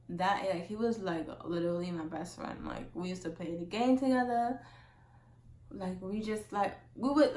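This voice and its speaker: A young woman telling a casual storytime monologue as a vlogger, chatty and full of "like", acting out quotes loudly. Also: medium pitch, echoey room.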